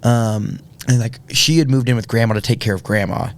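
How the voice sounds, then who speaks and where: A man's voice: mid-range voice, brisk. A man, telling a personal story earnestly on a podcast, with many fillers and restarts. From Indiana, USA. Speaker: podcast guest. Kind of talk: casual storytelling.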